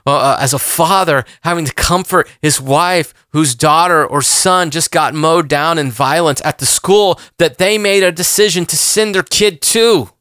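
Earnest preaching man, bright tense voice. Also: on the high side, normal speed, hardly any pauses, clean tone, dry recording, studio quality. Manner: earnest, repeats himself, rising emphasis on questions. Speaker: pastor. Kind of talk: impassioned sermon.

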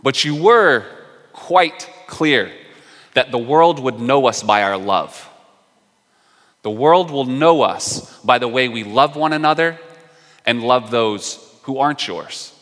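Bright-voiced pastor preaching in a hall. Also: male voice, mid-range voice, expressive, unhurried. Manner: conversational, explanatory preaching with asides. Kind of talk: sermon.

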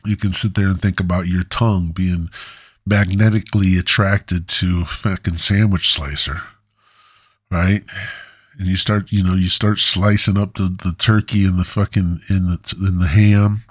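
A man's voice: deep voice, level tone, normal speed, no room sound. A man hosting a podcast, rambling through a crude comedic monologue, repeating himself on a close mic. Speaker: podcast host.

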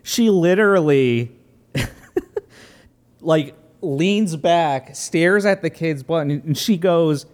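A man's voice: on the high side, slow, pauses often, darkish tone. Laughing man recapping a movie. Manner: recaps scenes, laughs often, hesitant fillers. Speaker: podcast co-host.

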